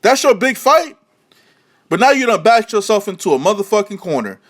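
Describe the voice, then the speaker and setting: A man's voice: sits high, sing-song, normal speed, a bit bright. A man rants about boxing, swearing freely. He mocks and repeats himself in a heated, scornful vlog delivery. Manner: heated, mocking, repetitive. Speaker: boxing vlogger. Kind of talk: profane ranting commentary.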